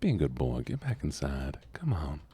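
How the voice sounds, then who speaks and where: A man's voice: rumbling low, big pitch swings, moderate pace, dark tone, husky, full character voice. A man doing a Southern-accented voice, bossily coaxing and scolding a game character back into place. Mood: bossy coaxing. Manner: coaxing, scolding, drawled commands. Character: bossy Southern man herding a villager.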